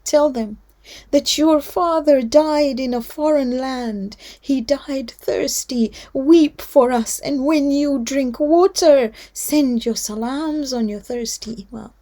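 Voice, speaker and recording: A grieving father says a tender, solemn farewell, as a woman storyteller puts him on. The voice is mellow and warm, and it sits a little high. He speaks slowly and gently, keeping his grief held in. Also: lively intonation.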